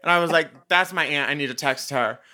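Bright, smooth-voiced playful male host. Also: a little high. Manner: playful, effusive, quick to laugh. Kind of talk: casual interview chat.

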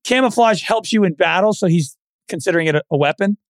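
Man, podcast co-host, casual storytelling, somewhat high voice. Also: fast talker, no room sound, studio quality. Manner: easygoing, tells anecdotes, self-mocking.

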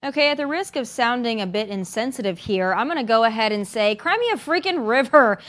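A woman's voice: a little high, expressive, a little fast, fairly bright tone. A woman hosting an opinion show, delivering sarcastic, emphatic commentary from a studio. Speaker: host.

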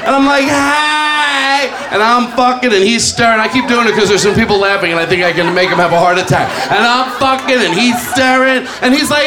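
A man performing a crude, animated stand-up set, acting out the people in his stories. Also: very high voice. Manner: animated, acts out characters, crude. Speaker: stand-up comedian. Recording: live club recording with audience noise. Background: audience laughter.

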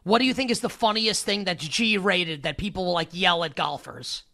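Bright, giggly male podcast host. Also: high voice, normal speed. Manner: giggly, excitable, lots of fillers. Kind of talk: casual sports talk.

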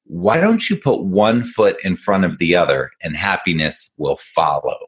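A man voicing a calm, wise old male dog in a spoken story. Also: low-pitched, a little slow, husky, exaggerated voice. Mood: advising.

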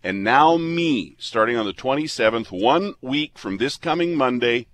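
In a studio setting, a Canadian radio host in his fifties chats casually on air with a plain, mid-pitched voice. He's earnest and animated, rambling at a moderate pace and frequently restarting sentences, with a fairly bright tone.

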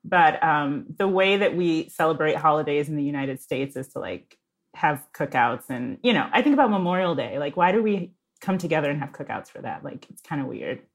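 A woman's voice: low voice, lively intonation, brisk. A woman speaking as a podcast guest, thoughtful and conversational, laying out her views. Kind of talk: casual chat.

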